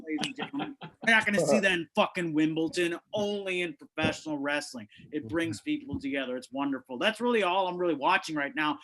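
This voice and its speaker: A man's voice: a little high, bright, forceful tone, low-quality recording. A man doing a stand-up set at an online open mic from his home over a video call, delivering punchy, brash jokes with a lot of swearing. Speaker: stand-up comic. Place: home, indoors on carpet.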